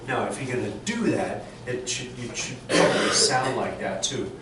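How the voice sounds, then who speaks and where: A man's voice: medium pitch, normal speed. Man coaching a chorus in an echoey room. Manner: sings phrases to demonstrate, many restarts. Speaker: vocal coach. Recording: echoey room, mic far off, background noise.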